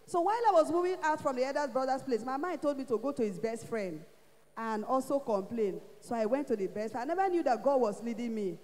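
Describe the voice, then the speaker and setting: A Nigerian woman giving a church testimony, telling her story in an animated way and acting out what others said. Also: high-pitched, fast talker, big-room sound. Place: church hall.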